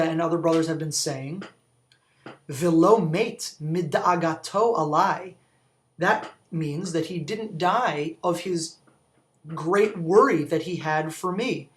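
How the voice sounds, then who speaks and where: A rabbi with a high, fairly bright voice leads a Torah study talk. He reads Hebrew quotations aloud, explains them in English, and poses questions to his listeners.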